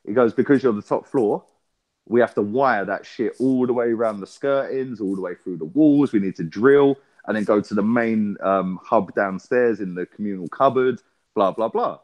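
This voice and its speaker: The audio is dull as a low-voiced English man co-hosting a podcast tells a long, casual story. He swears along the way, in quick back-and-forth with the others.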